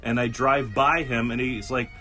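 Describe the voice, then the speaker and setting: Lively, bright-voiced male podcast host. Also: medium pitch, normal speed, faint music behind. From New England. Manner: animated storyteller, acts out quotes, laughs often. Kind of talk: casual podcast chat.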